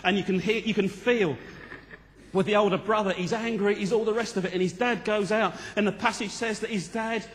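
Vicar in his fifties, high-pitched and animated sermon voice, long church reverb. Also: brisk, a little hiss or hum. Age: 50s. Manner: animated, jokey, then earnest.

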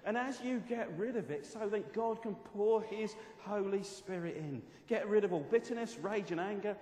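A man preaching a sermon, expressive and animated, telling stories with self-aware asides. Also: high-pitched, moderate pace. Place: church hall. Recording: echoey hall from a distance.

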